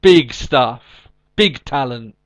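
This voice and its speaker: A man's voice: medium pitch, animated, slow pace, a bit bright. A man co-hosting a podcast in casual chat, recapping with lots of ums and restarts. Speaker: podcast co-host.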